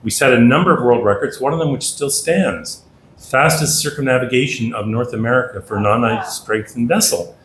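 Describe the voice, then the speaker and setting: A middle-aged man from Canada giving a talk at a dinner, telling lively anecdotes and acting out the dialogue. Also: medium pitch, normal speed, a crowd in the background. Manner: anecdotal, animated, acts out dialogue. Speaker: guest speaker. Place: dinner hall. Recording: echoey room with faint ambience.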